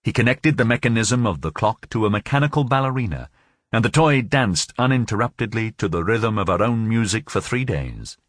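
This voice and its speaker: A man narrates a novel for an audiobook in a measured, expressive storytelling style. His voice is lowish, and the studio-quality recording is dry.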